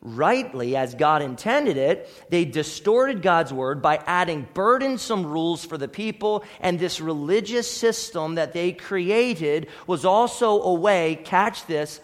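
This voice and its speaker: A man pastor preaching a sermon emphatically, swinging between loud declarations and quiet asides. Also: a little high, animated, measured pace, hardly any pauses. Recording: long hall reverb.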